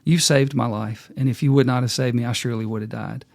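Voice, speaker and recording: A man's voice: medium pitch, steady tone, fast talker, vocal fry, no echo, natural voice. A man voicing a drowning male scorpion in a spoken fable, begging for help in an earnest, pleading way. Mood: grateful.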